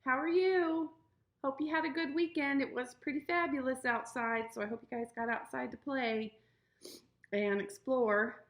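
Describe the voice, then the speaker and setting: A woman's voice: high-pitched, steady tone, normal speed, fairly bright tone. Sing-song woman teaching little kids. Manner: sing-song, coaxing teacher talk to small children. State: sniffly from allergies. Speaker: preschool teacher. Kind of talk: online class for young children. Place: at home. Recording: roomy echo.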